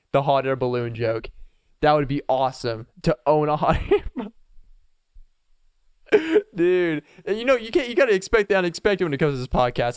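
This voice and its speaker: A man's voice: on the high side, smooth, no room sound, clean studio sound. Playful rambling male podcast host. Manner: rambling, playful, chuckles a lot. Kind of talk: casual solo podcast chat.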